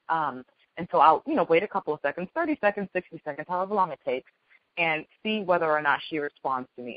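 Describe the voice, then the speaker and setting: A woman's voice: sits low, lively intonation, fast talker, no room sound. Earnest woman teaching over a lo-fi call. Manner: gentle, earnest, repeats key phrases. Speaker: spiritual healer and teacher hosting a call. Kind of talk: spoken teaching on a group call.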